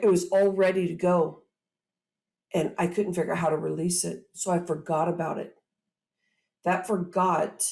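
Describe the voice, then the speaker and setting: Gravelly upbeat woman hosting. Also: lowish voice. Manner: animated, upbeat, speaks to audience directly. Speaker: host. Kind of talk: motivational talk.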